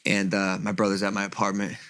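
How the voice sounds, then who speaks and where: A young man in casual chat, telling an animated story and swearing freely as a guest. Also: lowish voice, fast talker, clear, resonant tone.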